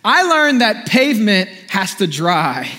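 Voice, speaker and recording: A young male pastor with a notably high voice preaches to his congregation, spinning a funny, animated story and calling on the room to respond. His voice rings out with the long reverb of a large church hall. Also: a little slow. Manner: animated storytelling, playful and jokey, calls out to congregation. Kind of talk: sermon.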